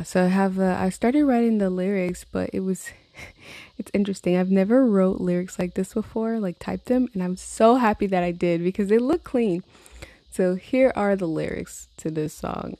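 A woman's voice: medium pitch, mellow, no room sound. A woman, rambling in a casual vlog about her songwriting, swearing and laughing often. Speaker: songwriter vlogger. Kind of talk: casual chat to camera.

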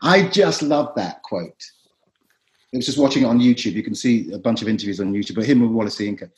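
A middle-aged man, an actor and writer, talking as a podcast guest in an animated, theatrical way. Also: lowish voice, quick pace, lo-fi sound. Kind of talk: podcast discussion.

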